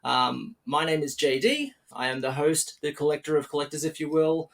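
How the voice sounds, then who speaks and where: A man's voice: fairly high pitch, moderate pace, vocal fry. A man with an Australian accent hosting a casual podcast interview, chatty and upbeat, with plenty of fillers and restarts. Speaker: podcast host.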